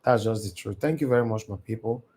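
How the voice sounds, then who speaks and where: A man's voice: fairly low pitch, quick pace, darkish tone, husky. A Nigerian man with a Pidgin-tinged accent hosts a live stream alone at home, preaching in a repetitive, impassioned way. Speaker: livestream host. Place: alone in a large house. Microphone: computer mic on a live stream.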